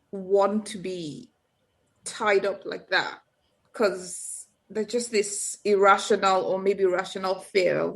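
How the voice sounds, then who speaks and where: Animated woman in casual chat. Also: mid-range voice. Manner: animated, emphatic storyteller. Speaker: podcast co-host.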